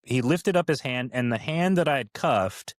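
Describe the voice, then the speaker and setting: A man's voice: mid-range voice, expressive, moderate pace, no room sound, studio quality. A middle-aged man co-hosting a podcast, telling stories in a casual chat with many fillers and restarts. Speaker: podcast co-host, former cast member.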